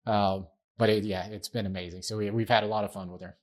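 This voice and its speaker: A man's voice: lowish voice, fairly even intonation, fast talker. Chatty middle-aged man hosting a podcast. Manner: chatty, self-deprecating storyteller. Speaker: podcast host. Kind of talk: casual podcast chat.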